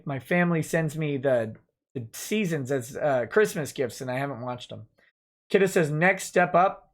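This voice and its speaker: A man hosting a casual livestream, reading out viewer chat messages and answering them offhand as a lawyer. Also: fairly high pitch. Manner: reads chat messages aloud and replies offhand.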